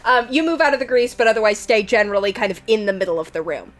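A woman's voice: mid-range voice, quick pace. A woman narrating as game master in a casual, giggly way with lots of fillers, recorded on a home microphone over a voice call.

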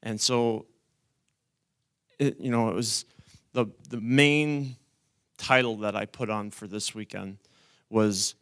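A man's voice: on the low side, steady tone, a bit bright. A man sharing a church testimony. He speaks in an earnest, reflective way. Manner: earnest, reflective, with a slow opening scripture reading. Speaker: retreat participant sharing testimony.

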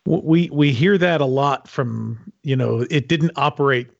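A man's voice: a little high, a little slow, vocal fry, lo-fi sound. A man hosting an interview, joking and teasing the guest in casual chat. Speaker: podcast host.

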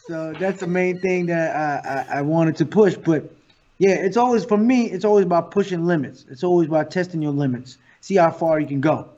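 A man, a guest actor and comedian, talking in a casual interview as an animated, profane storyteller. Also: on the high side, fairly quick, muffled recording.

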